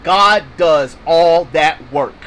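A Bible teacher preaches on scripture in casual, informal language, emphatically repeating his points to hammer them home. His voice is on the high side and a bit bright, he speaks extremely slowly, and the recording is rough.

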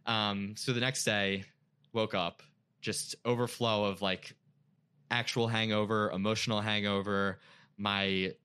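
A man's voice: on the low side, level tone, a little slow, sharp tone, smooth. A young man casually telling an emotional personal story as a guest, with many "like" fillers.

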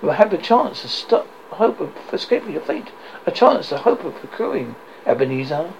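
A man voicing the mournful ghost of an old businessman bound in chains, lamenting in a solemn, drawn-out way. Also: high-pitched, very animated, gravelly, a little mellow, highs cut off, a little hiss or hum, full character voice.

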